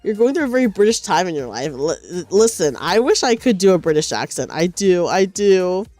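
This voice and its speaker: Sleepy, lively-pitched woman streamer. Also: moderate pace, no room sound, faint music behind. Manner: rambling, self-correcting, chatty. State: sleepy, low energy. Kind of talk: casual chat while knitting. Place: at home on a couch.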